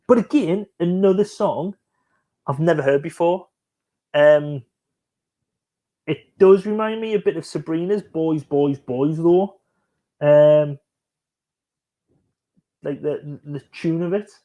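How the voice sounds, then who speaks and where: A man's voice: on the high side, slow, pauses often, warm tone. A man hosting a casual live stream, joking and chatting as he reacts to music videos and reads out viewer comments.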